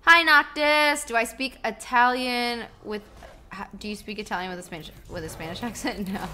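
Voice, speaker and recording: A young woman from New Jersey livestreams a game and chats easily with her viewers. Her bright voice moves quickly through playful asides and answers to their questions. A faint hiss sits under her talk. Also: medium pitch. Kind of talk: casual chat while gaming and reading chat.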